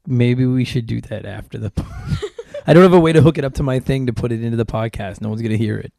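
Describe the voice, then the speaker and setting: A man's voice: medium pitch, fast talker, creaky, dark tone. A man hosting a podcast, chatting casually and rambling with lots of filler words. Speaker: podcast host. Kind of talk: casual chat.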